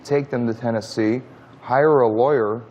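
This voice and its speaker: A man in his thirties, a talk show guest answering questions in a halting, defensive way with many restarts. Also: mid-range voice, steady tone, darkish tone. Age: 30s. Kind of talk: studio interview answers.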